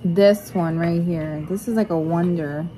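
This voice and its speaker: A young woman casually showing off puzzle toys at home, excited and teasing, constantly saying how cool things are. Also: fairly low pitch, measured pace. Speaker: vlogger. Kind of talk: casual unboxing chat. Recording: noisy home recording.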